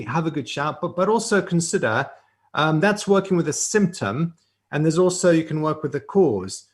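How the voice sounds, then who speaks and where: A man on a live-streamed mental health panel lays out his ideas in a calm, measured way. His voice sits a little above the usual male range. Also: a little high.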